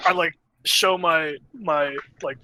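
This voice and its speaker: A man's voice: fairly high pitch, slow pace, bright, forceful tone, poor audio. A man playing a tabletop game, casual and playful, slipping into a bluffing official's voice. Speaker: player. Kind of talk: casual tabletop role-play.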